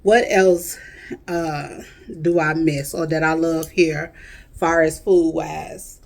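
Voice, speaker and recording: A woman's voice: low-pitched, little pitch movement, takes it slowly, gravelly, a little mellow. A woman with a Chicago accent chatting casually with her viewers, drawling her words in a friendly, talkative way. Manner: drawling, chatty, addresses viewers as y'all and honey. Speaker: vlogger.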